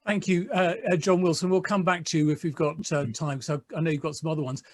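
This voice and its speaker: A man's voice: a little high, little pitch movement, quick pace, darkish tone, dry recording. Polite hesitant man chairing a Q&A. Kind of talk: moderating a Q&A.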